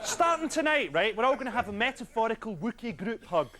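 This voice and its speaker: A man doing a stand-up routine on stage, talking to the crowd in an animated, conspiratorial way. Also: very high voice, quick pace, background noise. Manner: animated, conspiratorial, bursts into loud quoted cries. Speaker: stand-up comedian. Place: comedy club stage with audience.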